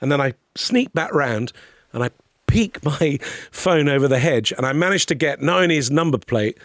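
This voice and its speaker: A man's voice: on the high side, lively intonation, normal speed, a bit bright, dry recording, clean studio sound. A middle-aged man telling a comic anecdote on a podcast. He swears freely and acts out other people's voices. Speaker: podcast guest.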